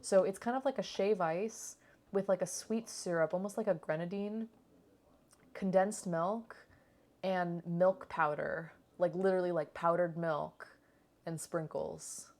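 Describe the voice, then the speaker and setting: A woman's voice: on the low side, fairly even intonation, a little slow, darkish tone. A woman talking over her travel footage in a casual, rambling way, laughing often and swearing now and then. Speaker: cooking channel vlogger.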